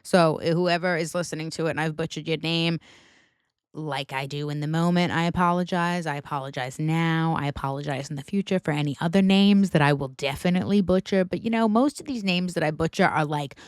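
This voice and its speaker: Podcast host, woman, US Northeastern accent, lowish voice, animated and foul-mouthed, bone-dry sound. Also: a little fast, clear, resonant tone, dry recording. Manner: animated, emphatic, swears freely. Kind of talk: casual pop-culture chat.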